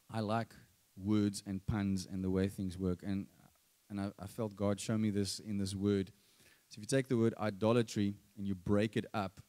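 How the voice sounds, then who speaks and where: A man's voice: mid-range voice, mellow. A male pastor with a South African accent preaching a sermon, emphatic and rising on key phrases.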